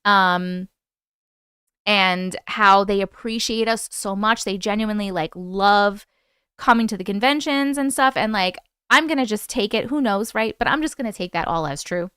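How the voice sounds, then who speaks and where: A young woman hosting a casual live-stream chat, excited and chatty, swearing now and then. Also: mid-range voice, moderate pace, smooth, dry recording, studio quality. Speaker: host.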